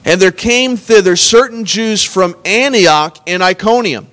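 A man's voice: high-pitched, measured pace, a bit bright. A man preaching a sermon as pastor, earnestly reading scripture and retelling it in everyday words. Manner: earnest preaching, reads scripture aloud and retells it in plain talk.

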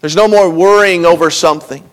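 Young male pastor, earnest conversational sermon delivery, voice a little higher than most men's. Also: fairly quick. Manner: earnest, conversational preaching with frequent restarts and lively emphasis.

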